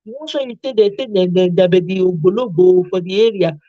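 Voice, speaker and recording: A woman's voice: on the low side, fast, no room sound. A woman with a Nigerian accent giving casual commentary as the host, slipping into Pidgin and acting out little scenes. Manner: animated, mixes in Pidgin and acts out little scenes. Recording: dull, dry lo-fi sound.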